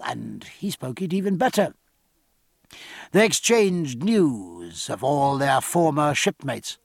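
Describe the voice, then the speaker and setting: A man narrating a historical sea novel in a measured, expressive audiobook reading. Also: on the high side, dry recording, studio quality.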